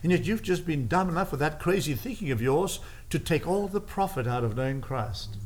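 Preacher guy, kinda high voice, hammering points with repeats, chatty asides. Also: animated, a little fast. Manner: emphatic, repetitive preaching cadence with asides. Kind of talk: sermon.

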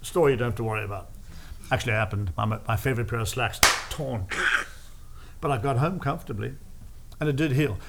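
Against a noisy background, a gravelly mid-range male voice preaches with an emphatic, repetitive cadence. He drives each point home by repeating phrases and slipping in offhand remarks.

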